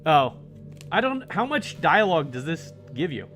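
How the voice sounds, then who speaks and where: A man's voice: a little high, very animated, moderate pace, fairly bright tone, faint music behind. A man streaming a visual novel, joking and talking to the game character as he plays. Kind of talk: casual gameplay commentary.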